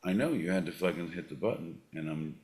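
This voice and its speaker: A man's voice: low-pitched, brisk, a little mellow. A man hosting a podcast, announcing and joking in a profane, showman style. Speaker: podcast host. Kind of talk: rowdy comedic podcast banter.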